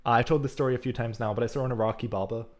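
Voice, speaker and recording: A man of ordinary pitch chats through his programming on a live stream, thinking aloud in a loose, casual way. Keyboard typing can be heard behind him. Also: steady tone, racing. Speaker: programming livestreamer. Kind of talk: live coding commentary.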